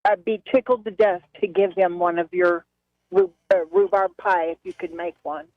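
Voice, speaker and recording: A woman calling into a radio show, chatting politely and warmly over the phone. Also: on the low side, moderate pace, no room sound. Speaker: caller. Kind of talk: phone-in chat. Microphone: telephone. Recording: dull phone-line sound.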